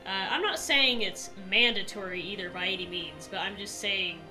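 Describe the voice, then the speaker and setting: A woman talks at an easy, relaxed pace while playing a game live, often pausing with filler sounds. Game music plays clearly behind her voice. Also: mid-range voice. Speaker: streamer, artist. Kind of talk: casual chat while gaming.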